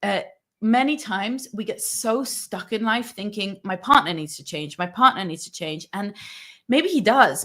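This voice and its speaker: A woman relationship coach talking earnestly to her viewers, often checking in with "right?" and acting out sample lines a partner could say. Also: medium pitch. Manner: earnest, coaxing, acts out sample dialogue, tag questions like "right?". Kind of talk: coaching monologue breaking down a film scene.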